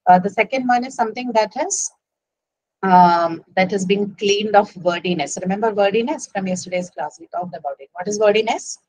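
A woman's voice: medium pitch, normal speed, a little mellow, dry recording, low-quality recording. Woman, Indian English accent, writing teacher, patient explainer, dry close sound. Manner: explains patiently, with frequent "right?" and "okay?" checks. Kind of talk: online lecture.

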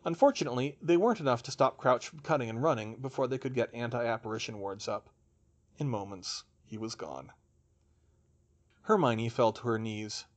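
A man reading a fantasy story aloud as its narrator, in an expressive style. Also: medium pitch, moderate pace. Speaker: audiobook narrator.

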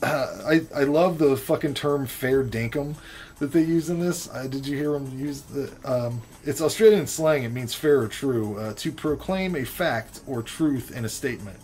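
A man's voice: medium pitch, moderate pace, a little mellow, faint music behind. A man co-hosting a podcast, reviewing a film in blunt, profane casual chat.

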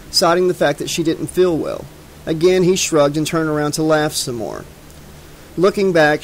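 A male audiobook narrator with a fairly high voice, reading horror in a measured, dramatic manner. Faint noise sits under the reading. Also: low-quality recording. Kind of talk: scripted narration.

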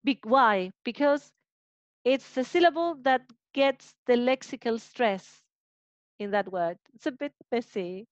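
A woman lecturing on phonetics over a video call, with a slightly high voice. She explains patiently and restates each point in new words. The sound is dull and dry, like a muffled call. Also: a little slow, dry recording. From Argentina. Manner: explanatory, repeats and rephrases points. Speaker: university phonetics teacher. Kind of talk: online lecture explaining intonation.

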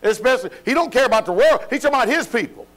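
High-voiced preacher man with a hum. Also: lively intonation, very fast, a bit bright. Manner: preaching cadence, rhetorical questions, emphatic; informal speech with dropped verbs. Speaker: preacher leading a Bible study. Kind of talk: Bible study teaching.

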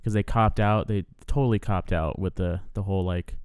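A man's voice: deep voice, fairly even intonation, fairly quick, a little mellow, clean tone, dry recording, studio quality. A man co-hosting a casual film podcast, opinionated and rambling, with lots of fillers. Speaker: podcast co-host. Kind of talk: casual film review chat.

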